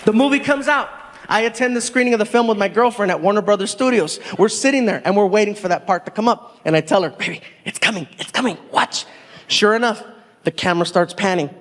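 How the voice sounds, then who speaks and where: Man, stand-up comedian, high voice, animated storytelling, echoing theater. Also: quick pace, some chatter behind, a little hiss or hum. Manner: animated, acts out voices of people in his stories. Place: theater stage.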